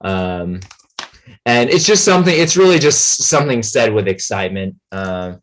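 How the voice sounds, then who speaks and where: A man tutors his students in grammar, rambling in a relaxed way, full of fillers and frequent check-ins. His voice is on the low side and moves at normal speed.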